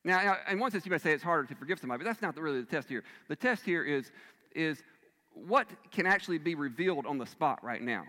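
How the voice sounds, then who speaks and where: A male pastor preaching a sermon, swinging between loud emphatic bursts and hushed, quiet lines. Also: a little high, lively intonation, fast. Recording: long reverb of a large hall.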